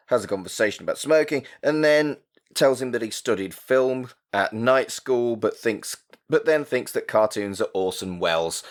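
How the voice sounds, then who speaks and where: A man co-hosting a podcast, chatting casually and laughing easily. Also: lowish voice. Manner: giggly, easily amused. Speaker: podcast co-host. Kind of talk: casual chat.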